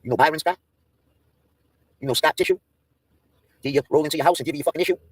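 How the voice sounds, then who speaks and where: A man's voice: fairly high pitch, quick pace, dry recording. A man in a profane, taunting livestream rant, mocking and daring his targets.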